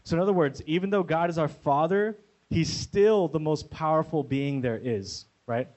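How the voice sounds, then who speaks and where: A young man preaches in a relaxed, conversational way. He keeps checking in with his listeners through quick "right?" tags. His voice sits a little high for a man. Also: highs cut off. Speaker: pastor. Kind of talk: sermon.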